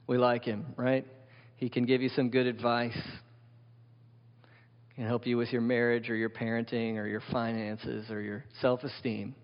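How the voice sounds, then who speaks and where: Emphatic pastor preaching in a reverberant hall. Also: male voice, medium pitch. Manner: emphatic, asks the congregation many questions. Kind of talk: sermon. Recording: dull sound with long hall reverb.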